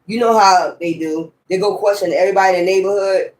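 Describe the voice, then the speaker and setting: Guy w/ a high voice doing a tarot reading, cussing and rambling, roomy echo. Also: steady tone, fast talker. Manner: blunt, profane, rambling. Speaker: tarot reader. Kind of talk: casual tarot reading monologue.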